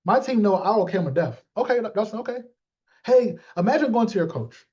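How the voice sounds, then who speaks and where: A high-voiced man gives his sales team a loose motivational talk, blunt and jokey, calling out listeners by name and acting out quick back-and-forths. He sounds expressive and a little mellow, and the recording is dull and lo-fi.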